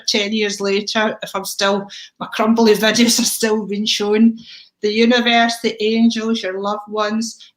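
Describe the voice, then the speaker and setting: Scottish woman, medium hosting a live stream; chatty, calls viewers darling and sweetheart. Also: mid-range voice. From Scotland. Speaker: psychic medium livestream host.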